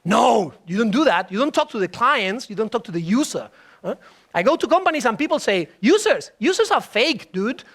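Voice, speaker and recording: A man giving a comic conference talk, telling a story and acting out the people in it with quick put-on voices. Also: high voice. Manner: animated storytelling, puts on voices for characters. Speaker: conference speaker. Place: conference stage.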